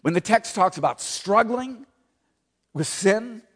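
Man, pastor, emphatic sermon delivery, repeats phrases, high voice, echoing church hall. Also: animated, slow, long pauses.

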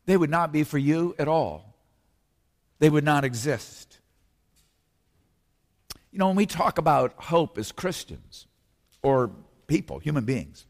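A man preaching a sermon as pastor, slowing down and lifting his voice when he quotes scripture. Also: a little high, sing-song. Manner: emphatic preaching, slows and rises on scripture. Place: church sanctuary. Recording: long reverb of a church hall.

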